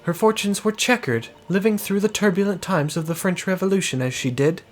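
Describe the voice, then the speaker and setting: A man's voice: high voice, a little fast, soft background music, voice pushed up, natural voice. A man voicing a young, mysterious woman who runs a waxwork museum, with a shaky put-on French accent and a formal, stern manner.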